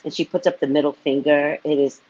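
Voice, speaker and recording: A woman's voice: low-pitched, little pitch movement, a little fast, dark tone, a little hiss or hum. A woman live-streaming as a psychic reader, chatting casually and telling a story, laughing often and acting out the people she quotes. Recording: dull lo-fi stream audio.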